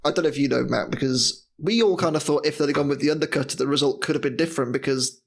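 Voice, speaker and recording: A man hosting a podcast in casual chat, animated and laughing as he talks. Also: fairly high pitch, fast talker, creaky. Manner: animated, laughs while talking. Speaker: podcast host.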